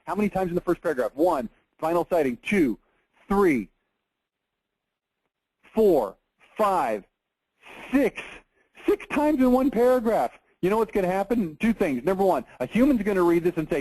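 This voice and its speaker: A man's voice: high voice, big pitch swings, moderate pace, a little mellow, no room sound, rough recording. A man, giving a blunt, emphatic marketing webinar with an exasperated edge. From Texas. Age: 40s. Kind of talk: webinar presentation over screen share.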